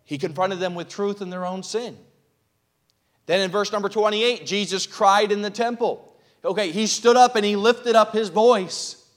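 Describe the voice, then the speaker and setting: A pastor preaching to his congregation in a notably high male voice. He builds his sermon into loud, impassioned cries and stops to check that his listeners are keeping up. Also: moderate pace. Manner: asks the congregation questions. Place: church.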